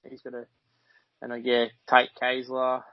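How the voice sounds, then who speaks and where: A man's voice: medium pitch, monotone, a little slow, no room sound. Australian man, podcast guest; rambling, cussing yarns; dry, slightly muffled sound. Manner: rambling, swears casually, laughs often. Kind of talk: casual chat.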